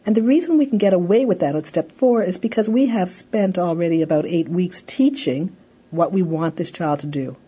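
A woman's voice: fairly low pitch, fairly quick, warm tone, husky, lo-fi sound. A woman lecturing on parenting, explaining steps in a conversational way and often saying "you know". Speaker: parenting educator. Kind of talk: recorded lecture.

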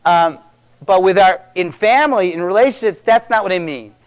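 A man's voice: high voice, normal speed, smooth. A middle-aged man speaking to a live audience about parenting, conversational and emphatic, repeating key words for stress.

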